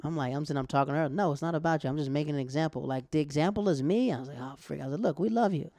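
A young man, a stand-up comic telling stories in a casual chat, animated, laughing often and acting out what people said. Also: on the high side, no echo, studio quality. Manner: animated, quick bursts, laughs often, acts out quotes. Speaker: stand-up comic and podcast host.

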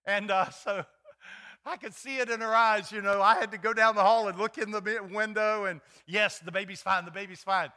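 Animated high-voiced male pastor. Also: moderate pace. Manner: animated, acts out voices in his stories; folksy, many fillers and restarts. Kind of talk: sermon with storytelling.

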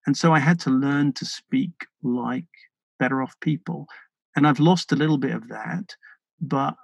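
British man with a gravelly, dry voice. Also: medium pitch, dry recording, rough recording. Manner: earnest, thoughtful, halting with many restarts. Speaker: podcast guest. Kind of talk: reflective interview conversation.

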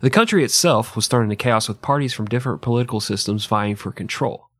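A man's voice: mid-range voice, animated, fast talker, a bit bright, no echo. Guy cohosting a history podcast, sarcastic jokey chat, swears a lot, dry close sound. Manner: joking, sarcastic, swears freely. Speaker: podcast co-host.

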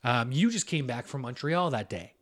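A young man co-hosting a podcast, telling a story in relaxed casual chat and swearing now and then. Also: mid-range voice, normal speed. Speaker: podcast co-host.

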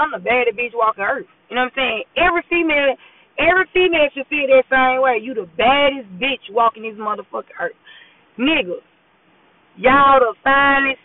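A woman's voice: on the high side, no room sound. A woman gives a casual, blunt and profane pep talk while driving. She keeps repeating "you know what I'm saying" as she talks. The sound is thin and tinny, like a phone voice message. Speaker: podcast host. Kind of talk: casual motivational monologue.

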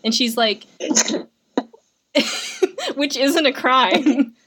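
Chatty young woman, fairly high voice. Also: very slow, a bit bright, slight background noise. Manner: chatty, sarcastic, frequent "like" fillers. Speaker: podcast co-host. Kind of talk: casual film recap chat.

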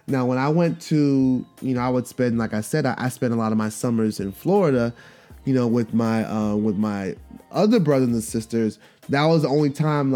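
A man in his thirties, hosting his own podcast and talking in a loose, rambling way full of fillers and restarts. He swears casually and laughs at his own stories. Soft music plays faintly behind his voice. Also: mid-range voice. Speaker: podcast host. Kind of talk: casual solo podcast monologue.

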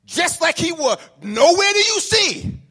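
A pastor preaching a sermon, shifting from quiet talk to shouted, sing-song peaks. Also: male voice, very high voice, big pitch swings, measured pace.

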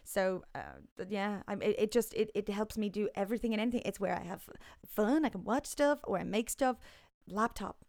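A young Irish woman in her twenties telling stories in a casual chat, lively, with bits of acted dialogue. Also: mid-range voice, brisk, few pauses, dry recording, studio quality. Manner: animated storyteller, slips into whispers and put-on voices. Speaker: guest.

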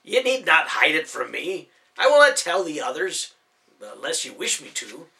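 An earnest little elf-like man, as a male narrator puts him on speaks in a formal, old-fashioned manner. His pitch sits high and swings widely, with a bright, forward tone. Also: very animated, normal speed, vocal fry, heavily acted. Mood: friendly.

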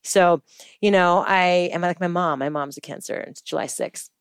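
A woman's voice: fairly low pitch, moderate pace, clean tone, no room sound, clean studio sound. A woman in her thirties, a guest chatting casually in an interview, full of "like" fillers and acting out the voices of others in her stories. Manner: chatty, many "like" fillers, acts out quotes in lively voices.

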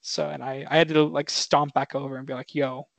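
A man's voice: a little high, level tone, fairly quick, gravelly, no echo. A young man co-hosting a podcast, laid-back and filler-heavy, steering the talk with questions to his guests. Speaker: podcast co-host. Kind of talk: casual chat.

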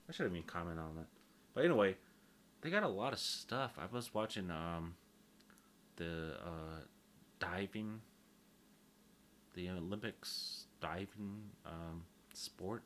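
A man's voice: low voice, animated, measured pace, long pauses, a bit bright, a little hiss or hum. A man, rambling through a casual solo monologue, crude and joking, swearing freely and poking fun at himself.

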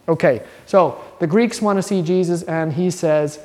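A man, a priest, giving an informal, lively sermon in a church and telling the stories animatedly. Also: a little high, normal speed, hardly any pauses. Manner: conversational, animated storytelling. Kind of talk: informal sermon and Bible study. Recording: long hall reverb.

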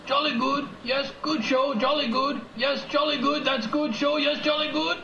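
A squeaky goofy gator puppet. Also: male voice, sing-song, distant mic, noisy background, full character voice. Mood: pompous. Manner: squeaky, slow, goofy accents. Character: small purple male gator puppet doing silly impressions. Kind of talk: homemade movie puppet voice. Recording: echoey lo-fi camcorder audio from afar.

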